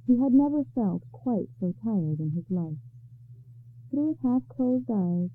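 A woman storyteller on a radio program, calmly reading a story aloud in a measured way. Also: mid-range voice, slight background noise. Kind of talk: scripted narration. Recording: narrow phone-like radio sound.

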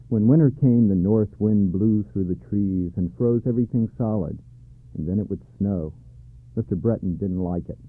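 A man's voice: fairly low pitch, husky, no echo. Man reading a storybook, thin dry sound. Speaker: narrator. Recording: dry tinny narrow-band sound.

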